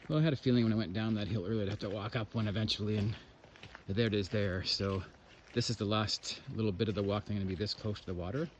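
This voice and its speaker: Deep voiced canadian guy rambling on a lake trail hike, muffled handheld cam, lots of outdoor noise. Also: fairly even intonation, fast talker. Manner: rambling, chatty, narrates what he sees while walking. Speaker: hiking vlogger. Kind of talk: casual walking commentary. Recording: dull lo-fi outdoor recording with loud background noise.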